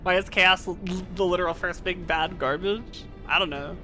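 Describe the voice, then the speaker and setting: A young woman streaming a game, chatting casually with animated, profane remarks and frequent laughter. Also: fairly low pitch, moderate pace, soft background music. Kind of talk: casual live-stream chat while gaming.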